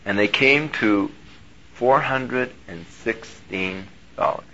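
A male pastor telling a personal story in a sermon, animated and moving between hushed and loud delivery. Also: on the low side, slow, slight background noise. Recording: dull lo-fi recording.

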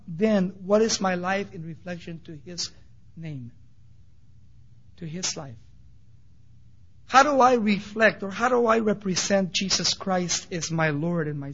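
High, bright-voiced male preacher. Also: slightly rough. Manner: animated storytelling, casual asides. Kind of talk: sermon. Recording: dull lo-fi recording.

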